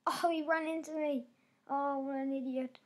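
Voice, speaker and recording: High-voiced excitable woman gamer. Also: normal speed. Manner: excitable, reacting aloud with frequent exclamations. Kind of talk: live gameplay commentary.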